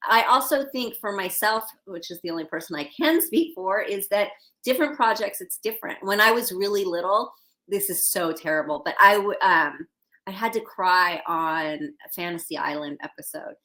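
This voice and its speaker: A woman's voice: medium pitch, moderate pace, a bit bright. A middle-aged woman talking candidly as a podcast guest, chatty and laughing often. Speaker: guest actress. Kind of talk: casual podcast chat.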